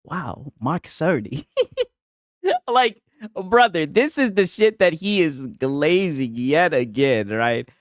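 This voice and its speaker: A man's voice: a little high, lively intonation, slow pace, dry recording, studio quality. A young man ranting in casual commentary, rambling and profane, tagging nearly every line with "right?". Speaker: streamer.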